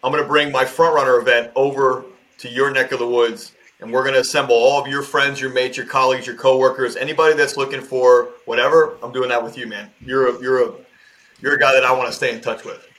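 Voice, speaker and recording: A man's voice: medium pitch, little pitch movement, fast talker, fairly bright tone, rough recording. An American man, a coach, talking casually and emphatically on a podcast as a guest. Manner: emphatic, motivational.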